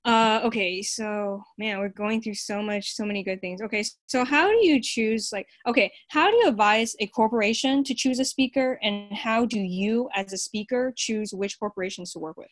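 A woman's voice: mid-range voice, moderate pace, few pauses. A young woman comedian hosting a podcast, chatting casually and filling her talk with "like". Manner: chatty, lots of "like" fillers. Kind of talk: casual interview chat.

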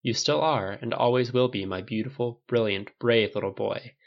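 A man voicing a gentle, soft-spoken mother in an audiobook, speaking quietly and tenderly on a slightly dull lo-fi recording, with a gravelly edge to his voice. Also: mid-range voice, fairly even intonation, normal speed, close to an everyday voice. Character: gentle, soft-spoken loving mother, middle-aged woman.

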